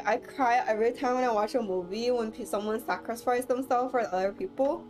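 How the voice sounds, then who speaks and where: A woman's voice: fairly high pitch, moderate pace, hardly any pauses, darkish tone. A woman streamer commenting live on a game playthrough, teary after crying and rambling through emotional reactions to the story. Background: game music.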